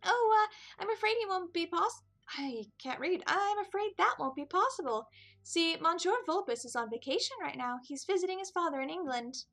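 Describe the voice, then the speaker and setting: Brief: a woman playing a squeaky, flustered tiny mouse for a game, bright and shrill. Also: lively intonation, normal speed, heavily acted. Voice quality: very high squeaky voice. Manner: flustered, stumbling. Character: tiny jittery mouse assistant.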